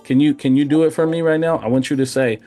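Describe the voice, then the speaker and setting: A man's voice: fairly high pitch, fast talker, mellow. A man coaching a young baseball player, direct and encouraging, who repeats his key points over and over. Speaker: hitting coach.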